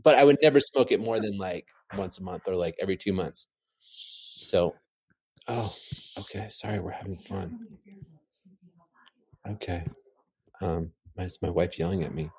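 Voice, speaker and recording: A man chatting casually from home, telling an animated, rambling story full of fillers. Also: low voice, moderate pace, pauses often, breathy edge. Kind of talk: casual chat.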